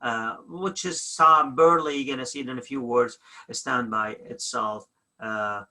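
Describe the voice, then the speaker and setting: A man's voice: medium pitch, a little slow, pushed and bright. A man teaching a language lesson, repeating each example word and often correcting himself.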